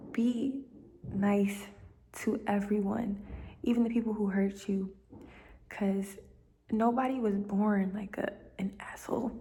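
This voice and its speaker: A young woman, a vlogger giving life advice, speaks at home in a casual, heartfelt monologue with a warm, mid-range voice. She rambles with many fillers and sometimes drops into near-whispers.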